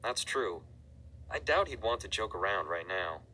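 A man reading aloud and voicing a bold, pushy young teenage boy with an eager, forceful delivery. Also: lowish voice, lively intonation, normal speed, a little hiss or hum.

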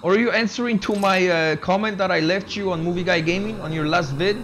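A man's voice: high-pitched, brisk, a bit bright. A young man gaming on a live stream, chatting casually with viewers and dropping "man" and "bro" into every sentence. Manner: laid-back, says "man" and "bro" constantly, reads chat aloud. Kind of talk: casual live-stream chat while playing. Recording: game engine noise behind the voice.

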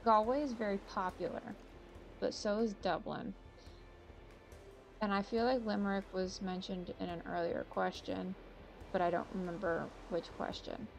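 Chatty woman with gravelly fry. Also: medium pitch, steady tone, normal speed. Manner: chatty, self-mocking, thinks aloud while playing. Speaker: gaming channel host. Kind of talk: casual gameplay commentary. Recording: game music behind voice.

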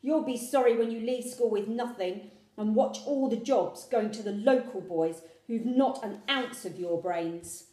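A woman reading a storybook, voicing a stern, worried working-class father who lectures forcefully. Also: medium pitch, moderate pace, echoey room, close to an everyday voice.

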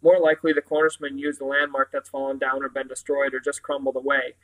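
A man's voice: medium pitch, completely flat delivery, fast, a bit bright, close to an everyday voice, rough recording. Man reading as a plucky young boy. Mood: eager. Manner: read aloud, calling out at times. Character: plucky young boy, braver than he feels.

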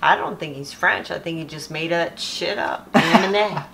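A middle-aged mother chatting casually while reacting to a music video, blunt and quick to scold. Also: deep voice, gravelly, heavy background noise. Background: music playing.

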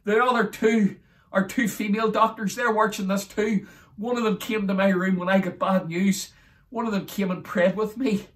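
A man with a Northern Irish accent from Derry, preaching in a fervent testimony style that keeps rising into exclamations. He is emotional and near tears, and his voice sits high. The mic is set some way off, so he sounds distant. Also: steady tone, normal speed. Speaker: evangelist.

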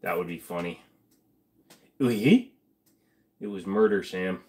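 A livestream host chats casually with viewers, reading chat aloud, answering them, and mumbling asides while feeling sick to his stomach. His low voice keeps a level tone at a brisk pace.

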